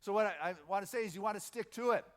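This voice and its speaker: His high voice comes out rapid-fire as the middle-aged minister preaches conversationally at a spiritual center. After stops and restarts, he builds momentum with repeated phrases.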